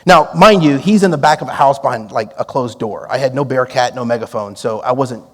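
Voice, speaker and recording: A man preaching a storytelling sermon, drawing on his time as a police negotiator and acting out the dialogue with lively energy. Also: medium pitch, fairly quick, in a large hall. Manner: animated, acts out quoted dialogue with laughs.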